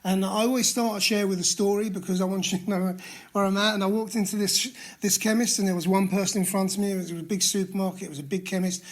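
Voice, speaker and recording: A man's voice: high-pitched, fairly even intonation, fast. A man in his sixties with a London accent, sharing his story at a recovery meeting in a candid, self-mocking way, with frequent restarts. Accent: London English. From England. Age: 60s. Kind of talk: personal share at a recovery meeting. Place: meeting room.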